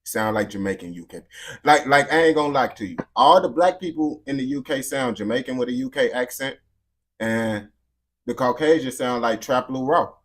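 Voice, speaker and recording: A man's voice: medium pitch, normal speed, fairly bright tone. A man giving casual, slangy, emphatic reaction commentary. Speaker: reaction video host.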